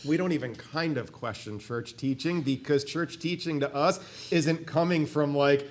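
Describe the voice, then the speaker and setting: A middle-aged man giving a personal faith testimony, animated in places and hushed and earnest in others. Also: fairly high pitch, moderate pace. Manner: animated, shifts between excited and hushed earnest tones.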